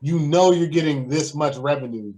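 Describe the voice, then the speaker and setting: A man's voice: fairly high pitch, normal speed, dark tone, low-quality recording. A man in casual podcast conversation, rambling in a laid-back way with plenty of fillers.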